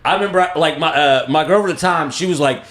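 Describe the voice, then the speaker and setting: A man from East Texas with a fairly high voice, telling stories in a loose, rambling way during a casual podcast chat. The recording picks up a lot of echo from the room. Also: fast talker. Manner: relaxed storytelling, loose and rambling. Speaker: podcast co-host. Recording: echoey room.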